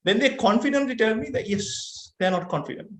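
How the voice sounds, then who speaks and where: A man's voice: high voice, animated, fairly quick, a little hiss or hum. A man with a Sri Lankan accent giving a motivational keynote speech, earnest and full of rhetorical questions. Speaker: keynote speaker. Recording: roomy echo.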